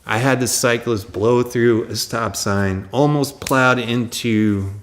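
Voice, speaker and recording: A middle-aged man speaks at a mid pitch while he hosts a casual livestream. He tells his story in an animated, exasperated way and laughs between points. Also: slow pace, a little hiss or hum. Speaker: livestream host.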